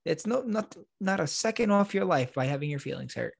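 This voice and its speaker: A man's voice: sits high, fairly quick, creaky, breathy edge, no echo, clean studio sound. A man with a New York accent co-hosting a casual podcast chat, crude and joking. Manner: crude, joking, deadpan banter. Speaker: podcast co-host.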